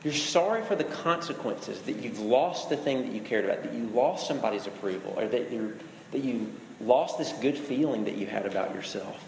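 A man's voice: mid-range voice, lively intonation, brisk, vocal fry, a little mellow, slight background noise. A man preaching a sermon, speaking earnestly and addressing his listeners directly with shifting emphasis. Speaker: pastor. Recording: echoey hall with long reverb.

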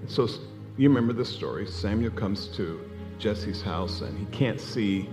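A man's voice: fairly low pitch, normal speed. A man preaching a sermon, telling a story with energy and acting out the voices of the people in it. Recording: hall reverb with music behind. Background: music.

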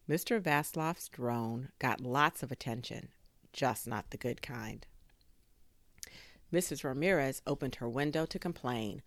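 Woman, very low voice, animated children's read-aloud, dry studio sound. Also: a little slow, no room sound. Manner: expressive, with sound effects. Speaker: story reader.

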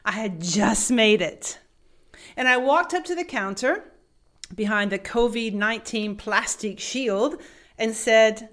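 A woman from the United States telling a personal story as a motivational speaker, animated and vivid, laughing as she goes. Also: a little high, slow pace. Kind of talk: storytelling talk.

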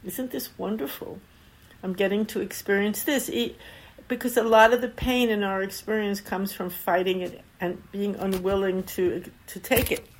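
A woman's voice: medium pitch, husky. An older woman, a Zen teacher, giving a dharma talk with anecdotes and frequent laughter. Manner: warm storytelling, laughs often.

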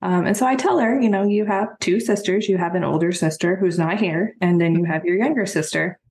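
A woman in her thirties, a guest talking openly and earnestly about her own life, soft-spoken and full of fillers. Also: lowish voice, fairly quick. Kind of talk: personal conversation. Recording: roomy echo.

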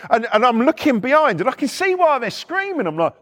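A middle-aged man telling a rough, profane story in casual chat, acting out the other people's voices as he goes. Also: very high voice, fairly quick. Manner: animated, swears constantly, acts out voices. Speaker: podcast storyteller.

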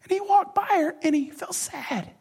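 A man preaching a sermon as pastor, emphatic and repetitive, swinging between loud declarations and hushed, whispered lines. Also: very high voice, normal speed, gravelly.

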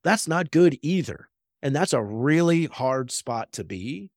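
A man's voice: fairly high pitch, animated, unhurried, a little mellow, dry recording, studio quality. A man in his thirties, a real estate agent co-hosting a faith-based business podcast, telling a story earnestly and often tagging his sentences with "right?".

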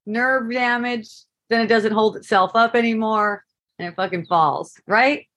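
A woman's voice: on the high side, a little slow, a bit bright. A middle-aged woman telling a personal story in a casual spoken monologue, laughing often and asking "right?" to keep the listener with her.

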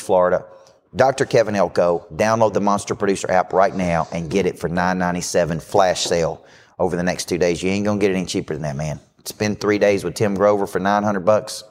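A man hosting a live business show as a coach, giving a brash, fast-talking motivational pitch. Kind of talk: live podcast talk. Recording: hall reverb.

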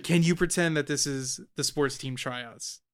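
A man's voice: on the high side, measured pace, crowd noise. A man hosting a casual podcast, chatty and upbeat, laughing often. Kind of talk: casual chat.

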